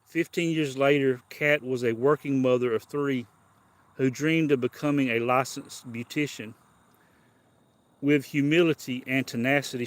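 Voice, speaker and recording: Easygoing man chatting on a livestream. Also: medium pitch. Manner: easygoing, chatty, greets viewers, reads aloud slowly. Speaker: live stream host. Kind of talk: casual livestream chat with devotional reading.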